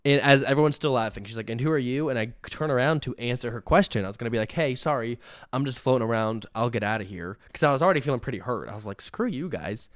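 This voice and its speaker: A young man doing a rambling comic monologue, deadpan and self-pitying, sometimes cracking up at himself. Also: mid-range voice, very fast, no echo, studio quality. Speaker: comedian.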